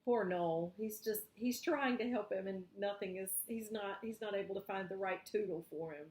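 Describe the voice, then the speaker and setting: A woman's voice: medium pitch, normal speed, few pauses, a little mellow, reverberant. A woman hosting a book show, reading a graphic novel aloud and explaining the panels.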